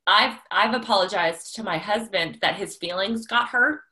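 A woman's voice: medium pitch, normal speed, sharp tone, a little hiss or hum. A woman co-hosting a casual chat, speaking candidly and reflectively about her own habits.

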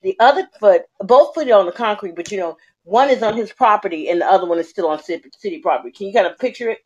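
A woman calling into a podcast, telling a story in animated, slangy casual talk with many fillers. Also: mid-range voice, fast talker, slightly rough, muffled recording. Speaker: caller.

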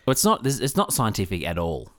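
A man's voice: on the low side, huge pitch swings, fast, a bit bright, no room sound, studio quality. A man co-hosting a podcast, blunt and joking, laughing easily. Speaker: podcast co-host. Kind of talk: casual chat. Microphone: studio microphone.

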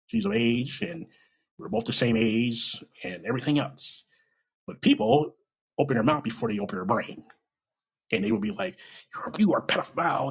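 A man telling a rambling, animated story late at night over a phone mic, swearing often and acting out the voices of people in it. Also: on the high side, creaky, slightly rough, dull audio. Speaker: storyteller on an audio app.

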